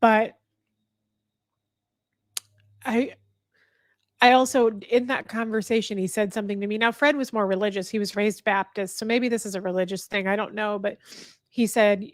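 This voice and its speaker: A woman hosting a livestream, talking candidly and earnestly to her viewers, halting and restarting her sentences. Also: medium pitch, steady tone, no echo, clean studio sound. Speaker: livestream host. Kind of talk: candid emotional talk to viewers. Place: indoor room with a fire.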